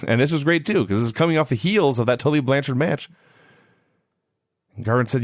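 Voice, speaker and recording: A man's voice: mid-range voice, fairly quick, long pauses, no echo, studio quality. A man co-hosting a casual podcast, recapping old matches and promos play by play in a chatty way. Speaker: podcast co-host.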